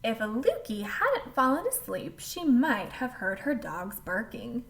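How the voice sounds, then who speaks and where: Slow, lively woman reading a storybook aloud. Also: a little high. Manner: animated storybook reading with asides to the listener. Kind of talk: reading a picture book aloud to a child.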